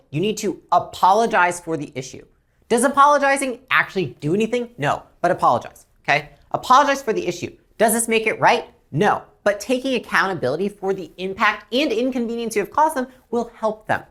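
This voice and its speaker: A woman teaching a business training lesson as a coach, blunt and animated, swearing freely. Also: lowish voice, fairly quick.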